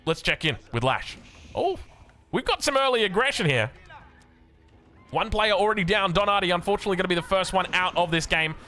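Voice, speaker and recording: A young Australian man casting a strategy video game match, getting excited and rising in pitch as the action picks up. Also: brisk. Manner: excitable, rises sharply when action picks up. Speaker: game caster. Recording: faint music behind.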